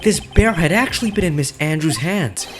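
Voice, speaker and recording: An earnest young defense lawyer who pleads in a somewhat high voice, as a man dubs him for a game. His pitch moves a great deal, and faint music plays underneath. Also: animated, moderate pace, lightly acted. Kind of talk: fan voice dub of a game.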